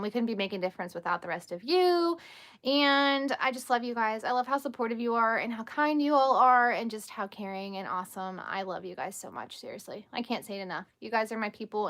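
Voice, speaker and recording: A woman's voice: on the high side, bright, forceful tone. A woman in her thirties chatting casually on a late-night livestream from home, laughing often as she answers viewers' questions. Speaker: livestream host. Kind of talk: casual live chat with viewers.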